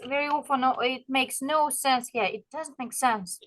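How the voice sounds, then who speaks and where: Pitched high and a bit bright, a Russian-accented woman, a native Russian speaker, runs an online English lesson. She supports her students and models pronunciation by repeating phrases at a slow pace.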